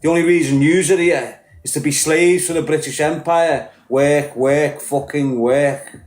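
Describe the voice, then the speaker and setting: Man, Liverpool accent, blunt heated rant, heavy swearing, fairly high voice, echoey room. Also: steady tone, measured pace, a little mellow.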